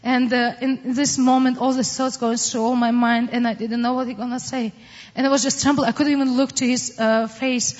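A woman's voice: fairly high pitch, little pitch movement, long reverb tail, dull audio. Earnest woman from the Middle East. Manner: earnest, halting, with frequent fillers. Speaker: testimony speaker. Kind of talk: personal testimony.

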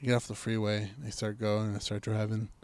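A man's voice: on the low side, monotone, a little fast, a little mellow, no echo. Man, casual storyteller, acts out his own lines, swears a lot, close and dry. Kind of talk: casual chat.

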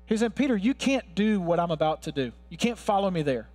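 A man preaching a sermon as a pastor, earnest, swelling louder when he quotes scripture. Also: high voice, very animated, a little fast, big-room sound.

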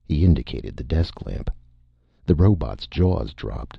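A man's voice: very deep voice, sing-song, a little slow, gravelly, husky, dry recording. A man narrating a science fiction story as an audiobook reader. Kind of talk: scripted narration. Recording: dull lo-fi dry recording.

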